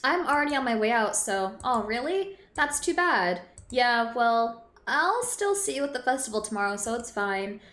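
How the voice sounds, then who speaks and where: A woman's voice: a little high, big pitch swings, normal speed, hardly any pauses, fairly bright tone, reverberant. A woman voicing a brusque, flustered teenage girl in a game with an offhand reading.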